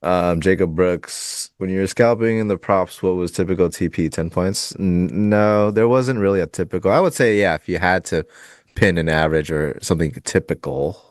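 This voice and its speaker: Man, deep voice, relaxed rambling trading talk, dry close sound. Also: normal speed, no echo. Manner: relaxed, rambling, laughs often. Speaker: futures trader on a live show. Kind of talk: casual live-stream chat while trading.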